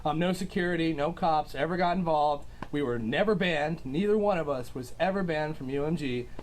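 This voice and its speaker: A man's voice: on the high side, normal speed, a little hiss or hum. A man telling his side of a dispute casually, rambling with many fillers. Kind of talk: casual storytelling.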